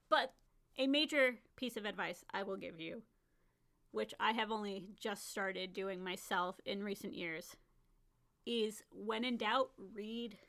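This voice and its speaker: A woman's voice: medium pitch, a bit bright. A woman hosting a casual solo podcast about writing, chatty, often laughing and acting out her own lines. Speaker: podcast host and author.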